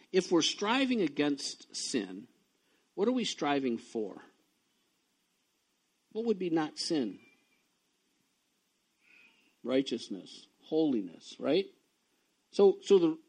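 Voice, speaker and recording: Man, pastor, sermon, lively pitch, slightly high voice, reads scripture between stories. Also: husky. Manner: animated, swings from low and quiet to high and loud when excited; reads scripture aloud between personal asides.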